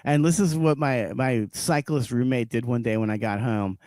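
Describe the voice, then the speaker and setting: A man co-hosting a casual podcast, swearing freely as he rants and laughing often. His voice sits at an everyday middle pitch. The sound is close and dry, with no room around it. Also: moderate pace, a little mellow, dry recording. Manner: profane ranting, laughs often. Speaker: podcast co-host.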